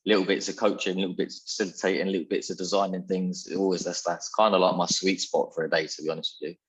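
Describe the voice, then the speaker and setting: A man's voice: sits low, flat delivery, fast talker, breathy edge, poor audio. A man hosting a podcast interview in an upbeat, chatty, effusive way. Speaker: podcast host. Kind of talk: casual interview chat.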